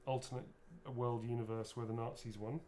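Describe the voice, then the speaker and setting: A man in mid pitch talks loosely and rambles while he signs items, dropping casual swears. His speech is informal and unscripted, with a faint hiss of room noise underneath. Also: little pitch movement, fairly quick, warm tone. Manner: rambling, chatty, swears freely. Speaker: actor signing autographs. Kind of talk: casual livestream chat.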